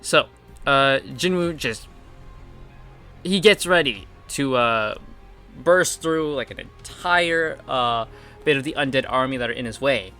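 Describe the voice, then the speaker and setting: Bright-voiced young man recapping chapters. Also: measured pace, clear, resonant tone, soft background music. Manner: animated retelling with frequent fillers, acting out quotes in different pitches. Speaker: manhwa reviewer.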